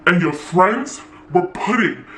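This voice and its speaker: A woman's voice: lowish voice, very animated, slow pace, fairly bright tone, slight background noise, pitched below the performer's own voice, full character voice. A woman mimicking a furious scolding school official. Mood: stern lecturing. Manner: scolding, lecturing. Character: angry stern male school administrator. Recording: echoey room.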